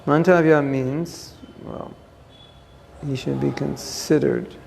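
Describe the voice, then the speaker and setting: A man's voice: mid-range voice, fairly even intonation, slow pace, vocal fry, a little mellow, in a large hall, a little hiss or hum. A man giving a scripture class, reading a passage aloud and then explaining it with emphatic asides, recorded on a phone.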